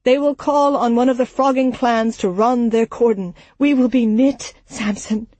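A woman's voice: fairly high pitch, fairly even intonation, moderate pace, a little mellow, dry recording, voice pushed up, natural voice. A woman voicing a blunt, urgent village man. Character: blunt, angry village man urging defense.

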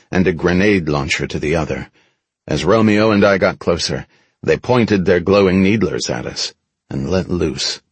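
A man narrates a first-person action story for an audiobook in a low, husky voice. His pitch swings widely with dramatic emphasis. The recording is close and dry. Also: no room sound.

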